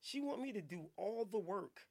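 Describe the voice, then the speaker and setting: A man hosting a radio podcast, riffing in casual, profane, animated banter. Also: high-pitched, normal speed. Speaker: radio show host. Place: radio studio.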